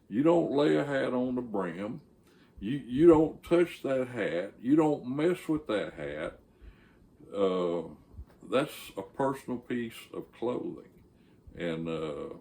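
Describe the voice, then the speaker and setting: Older guy spinning a folksy yarn, kinda rambly with lots of uhs, voice on the low side. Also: a little mellow. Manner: folksy and rambling, with frequent fillers and restarts. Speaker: channel host and storyteller. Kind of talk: folksy storytelling.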